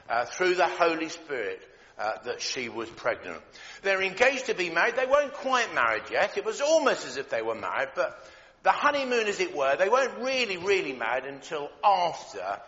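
A man leads a children's Christmas talk with jokes and plenty of filler pauses. His voice is bright and swings widely in pitch. It comes through a long hall echo on a dull, lo-fi recording. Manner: jokey, lively, many filler pauses. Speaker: church leader giving a children's talk. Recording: echoey hall, dull lo-fi sound.

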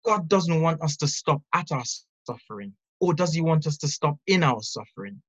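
A speaker giving an earnest, measured devotional Bible teaching, reading scripture and reflecting on it. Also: mid-range voice, expressive, dull audio. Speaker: preacher.

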